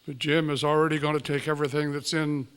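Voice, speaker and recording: A man's voice: on the high side, little pitch movement, fast. A man leading a church service, plainly announcing an offering. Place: church sanctuary. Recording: very echoey, distant from mic, noisy.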